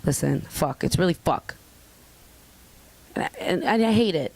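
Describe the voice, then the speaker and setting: A woman's voice: low voice, a little slow, creaky, rough recording. Candid, profane young woman. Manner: candid, profane, animated storytelling. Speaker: guest artist. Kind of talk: casual interview chat.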